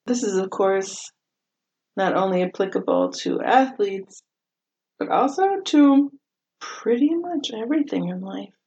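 A woman's voice: medium pitch, animated, unhurried, warm tone. A middle-aged woman hosting a podcast, talking casually in a chatty, self-deprecating way and laughing often. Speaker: podcast host. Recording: slightly dull lo-fi audio.

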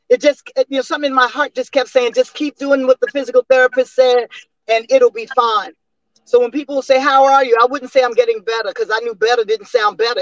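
A woman in her sixties, a singer and interview guest, telling stories in a lively way with laughs and restarts over a remote call. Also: high voice, dry recording, muffled recording. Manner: animated storyteller with frequent laughs and restarts. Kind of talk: casual interview storytelling.

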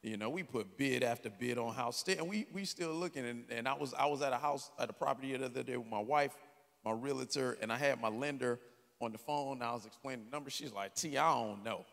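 A man preaching a sermon as a story, swinging from quiet talk to shouted peaks. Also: mid-range voice, quick pace, vocal fry. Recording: long hall reverb.

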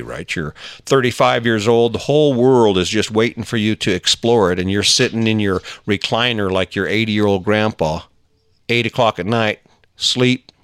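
A middle-aged man giving a casual motivational monologue, emphatic and coaxing, acting out little scenes in a higher voice. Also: fairly bright tone, dry recording, clean studio sound. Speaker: motivational talker.

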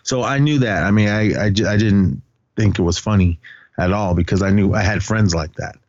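A man's voice: lowish voice, moderate pace, a little mellow, dry recording, lo-fi sound. A man co-hosting a podcast, recapping a film's plot casually, rambling and correcting himself with lots of fillers. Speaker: podcast co-host.

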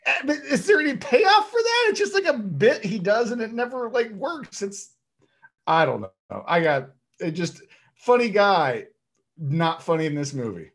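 A man co-hosting a casual film-review chat, emphatic and ranty, swearing freely as he picks the movie apart. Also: high-pitched. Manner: animated, emphatic, swearing, quick to rant. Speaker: podcast co-host reviewing a film.

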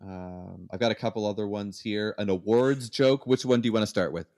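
Low-voiced man full of ums. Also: fairly quick, darkish tone. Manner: hesitant with many ums, playful. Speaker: podcast co-host telling dad jokes. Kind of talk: casual chat.

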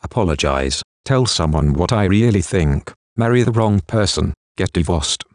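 A man voicing a troubled young male student who talks flatly and swears, in a low voice. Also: normal speed, no room sound, clean studio sound. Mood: defiant. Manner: flat, curt, swearing.

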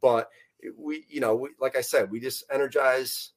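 A man's voice: mid-range voice, fairly even intonation, moderate pace. A man who founded a fishing tournament trail, chatting casually on a podcast in a rambling way. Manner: rambling, many fillers and restarts.

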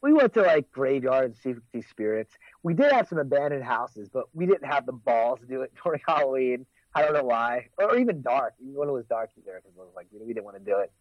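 A man's voice: mid-range voice, very animated, quick pace, few pauses, no room sound, lo-fi sound. An American man in his forties, co-hosting a casual podcast chat and rambling with lots of fillers and restarts. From United States. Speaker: podcast co-host.

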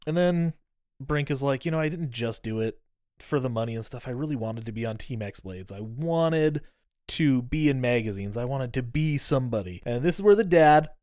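A man in casual podcast talk, retelling a film and slipping into the characters' lines with a laugh. His voice sits at an ordinary middle pitch. The sound is dry and close, with no room behind it. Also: expressive, normal speed, a little mellow, no echo. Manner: retells scenes acting out lines, laughs often, swears. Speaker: podcast co-host. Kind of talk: casual movie recap chat.

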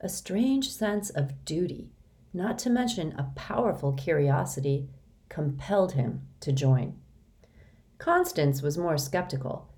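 A woman narrating a children's novel in a steady, expressive reading. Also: low voice, measured pace. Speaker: audiobook narrator. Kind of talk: storybook narration.

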